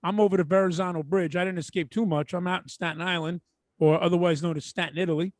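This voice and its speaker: Middle-aged new york guy, kinda high voice, easygoing and wry, dry mic. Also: fairly even intonation, quick pace, no echo. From Brooklyn, New York. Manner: laid-back, wry, easygoing storytelling. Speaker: podcast co-host. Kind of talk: casual chat.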